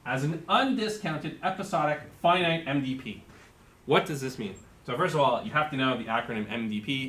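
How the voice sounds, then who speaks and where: A man's voice: medium pitch, a bit bright. A man giving a university lecture, explaining terms step by step and thinking aloud with fillers. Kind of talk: live-coded lecture.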